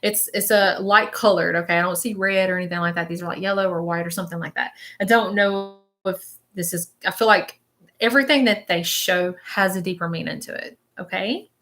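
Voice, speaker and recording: Woman, spiritual medium, live-stream reading, bright clear voice, rambling, hesitant, frequent check-ins. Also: on the low side, fairly quick. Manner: rambling, checks in with listeners with frequent "okay?" tags; describes visions in present tense, hesitant and searching.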